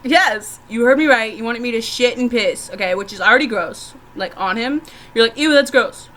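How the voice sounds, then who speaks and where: A woman's voice: fairly high pitch, moderate pace, a bit bright, a little hiss or hum. A young woman vlogger telling candid stories to the camera, frank and profane, often laughing as she talks.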